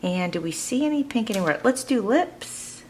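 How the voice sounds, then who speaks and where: A woman's voice: fairly high pitch, expressive, moderate pace, darkish tone, slight background noise. A woman hosting a crafting channel, chatting casually and thinking aloud to her viewers as she works in her home art studio. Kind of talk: casual crafting tutorial chat.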